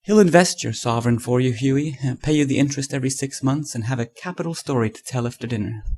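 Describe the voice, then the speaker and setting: A man reading aloud, voicing a jovial painter who breezily teases his friend, with a gravelly, husky tone. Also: medium pitch, fast, darkish tone, lightly acted. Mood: amused teasing. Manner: amused, breezy, playful.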